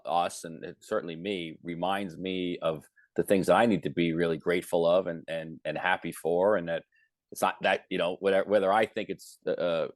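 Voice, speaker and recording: A man's voice: low-pitched, fairly even intonation, normal speed, no echo. A man co-hosting a podcast chat, talking thoughtfully with frequent halts and restarts. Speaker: podcast co-host.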